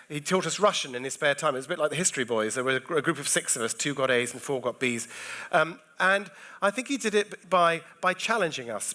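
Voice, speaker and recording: A man with a bright, forceful voice gives a talk to an audience of teachers. He tells stories in a restless way, jumping between thoughts and restarting his sentences. The voice is clear and lively. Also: a little high. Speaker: comedian speaking at an education festival. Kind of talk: keynote talk and anecdotes.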